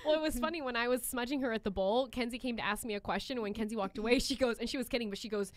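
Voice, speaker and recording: A young woman hairstylist chatting casually, a blunt, animated storyteller who acts out her clients' lines. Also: fairly high pitch, racing, no echo. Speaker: hairstylist and podcast co-host. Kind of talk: casual chat.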